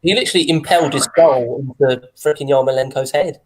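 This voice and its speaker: A man's voice: fairly high pitch, fast, a little mellow. A man co-hosting a football watchalong, easygoing and chipping in with short remarks. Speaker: fan co-host of a match watchalong. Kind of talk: casual football chat.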